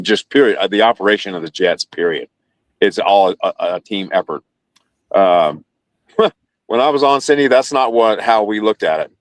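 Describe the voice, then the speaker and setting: Low-voiced man telling a story, dry sound. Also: no echo. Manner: rambling, self-correcting, laughs while telling. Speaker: podcast guest, former carrier sailor. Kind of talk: casual storytelling interview.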